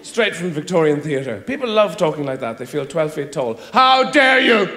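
Irish man, stand-up comedian, sardonic rambling, swooping high voice. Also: lively intonation, normal speed, a little hiss or hum. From Ireland. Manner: rambling, sardonic, leaps into shrill mock voices. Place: theatre stage with live audience. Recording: live hall echo.

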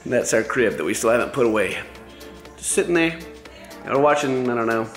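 A man's voice: medium pitch, animated, brisk, soft background music. A man vlogging at home, casual and playful, cracking jokes and humming silly sound effects. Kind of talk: casual family vlog. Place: at home indoors.

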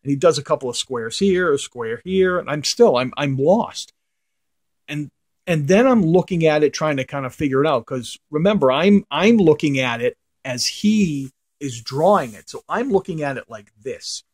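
A man's voice: on the high side, lively intonation, moderate pace. A middle-aged man, a comic art collector, casually telling a rambling anecdote to the camera, his voice trailing off into mutters at the ends of phrases.

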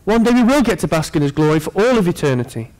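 Male preacher, slightly higher voice, sermon delivery, earnest with joking asides to the congregation. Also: sing-song, quick pace, a little mellow.

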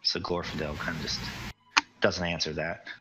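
A man's voice: low voice, level tone, normal speed, music in the background, low-quality recording. A man narrating as game master, with loose, casual narration and frequent hedges.

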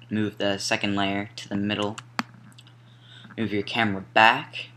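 Casual young man giving software steps. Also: fairly low pitch, slight background noise. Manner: casual, apologetic, self-correcting instructions. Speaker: tutorial maker. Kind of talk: screen-recorded software tutorial. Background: mouse clicks and typing.

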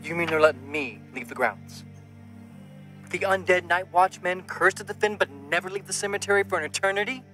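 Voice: mid-range voice, fairly quick, few pauses, a bit bright, soft background music, natural voice. An actor playing Roo, a wisecracking undead cemetery night watchman, in a horror-comedy short film. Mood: wry.

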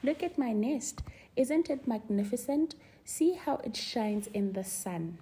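A woman's voice: on the high side, lively intonation, a little slow, dark tone. A woman voicing a boastful, mean little male weaver bird in a storybook reading, showy and taunting.

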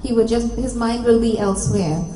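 A woman's voice: fairly high pitch, fairly even intonation, normal speed, dark tone. A woman from Trinidad and Tobago with a Trinidadian accent, giving a public talk and spirit readings in a direct, coaxing, repetitive way. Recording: echoey hall, faint noise.

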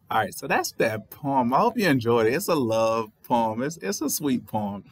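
A man with a Southern US accent talks through a poem he has just read, in a thoughtful, explanatory way. His voice sits in a middle pitch and sounds close and dry, with no room around it. He sometimes spells words out letter by letter. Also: very animated, normal speed, hardly any pauses, husky, dry recording. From Southern United States. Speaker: writer and channel host. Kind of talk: poetry reading with commentary.

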